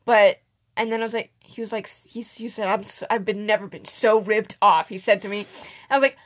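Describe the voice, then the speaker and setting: A young woman co-hosting a podcast chats casually and tells workplace stories, acting out what customers said and laughing often. Her voice is medium-pitched and brisk, and she's an animated storyteller.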